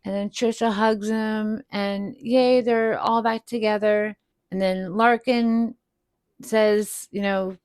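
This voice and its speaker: Podcast co-host, woman; slow, relaxed recap voice, close and dry. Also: mid-range voice, no echo. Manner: retells scenes with quoted lines, laughs often. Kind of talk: casual movie recap chat.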